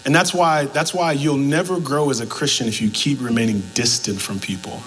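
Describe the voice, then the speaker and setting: A man's voice: mid-range voice, normal speed, in a large hall, poor audio. A man preaching a sermon as pastor, telling stories and acting out both sides of conversations. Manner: animated storytelling, acts out both sides of conversations.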